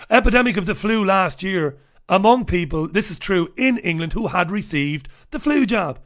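A man's voice: high voice, lively intonation, moderate pace, fairly bright tone. An Irish man hosting a talk radio show, ranting bluntly and swearing freely. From Ireland. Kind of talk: opinionated talk radio monologue.

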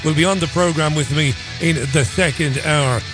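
A man's voice: on the high side, normal speed, music in the background. A male radio host delivering a chatty talk radio monologue with sardonic, self-deprecating asides.

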